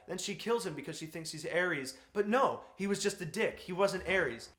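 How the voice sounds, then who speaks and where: A man's voice: high voice, animated, a little fast, a bit bright. A man giving an exasperated, profanity-laced film review rant. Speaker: movie reviewer. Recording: echoey room.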